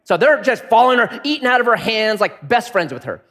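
A middle-aged man preaching a sermon, telling stories and swinging between punchy lines and hushed asides. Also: very high-pitched, very animated, brisk. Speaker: pastor. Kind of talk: sermon with storytelling.

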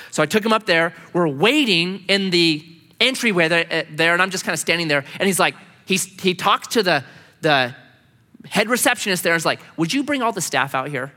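A man preaching a sermon as a pastor, telling stories with lively, acted-out voices. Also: high-pitched, big-room sound. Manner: animated storytelling, acting out quoted voices.

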